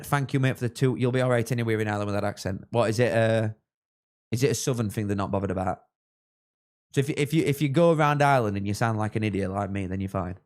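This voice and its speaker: Host type: young man, rambling casual stream chat, mid-pitched, erupts when play gets close. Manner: chatty, rambling, bursts into excited shouts at chances. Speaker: streamer hosting a live football watchalong. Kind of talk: casual live-stream chat with match reactions.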